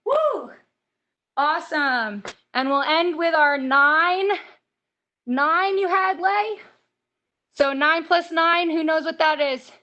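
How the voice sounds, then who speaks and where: An American woman with a high, lively voice leads a children's exercise class over a video call. She counts each rep out loud and keeps the kids going with encouragement. The sound comes through a home video call connection. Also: slow, highs cut off. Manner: upbeat, counts reps aloud and cheers kids on. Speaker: camp fitness instructor. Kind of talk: leading a kids' workout over video call.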